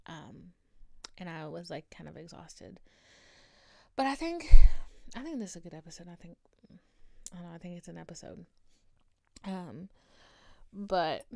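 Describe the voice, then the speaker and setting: A woman's voice: mid-range voice, no echo. A woman hosting her own podcast, talking casually and emphatically and swearing freely, recorded in a room at home. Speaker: podcast host. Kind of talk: casual solo podcast monologue.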